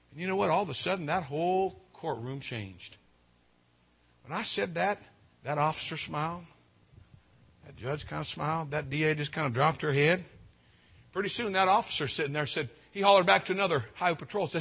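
A man preaching a revival sermon, telling a folksy personal story and building to shouted appeals. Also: fairly high pitch, a little fast, slightly rough, dull audio.

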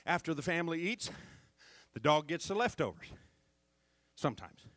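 A man's voice: fairly high pitch, big pitch swings, moderate pace, a bit bright, no echo. A man preaching a sermon as pastor, fervent and calling out to the congregation for responses.

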